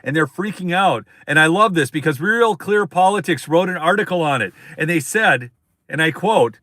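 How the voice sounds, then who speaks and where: A man's voice: sits high, expressive, moderate pace, a bit bright, no room sound. A man hosting a live-stream political commentary show, talking emphatically to viewers, repeating his points and calling them folks.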